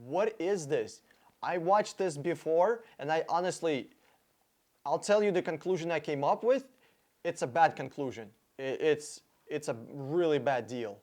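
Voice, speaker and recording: A man's voice: a little high, a little slow, darkish tone. A man hosting a car-buying video, reacting to an interview clip with blunt, profane sarcasm and mock emotion.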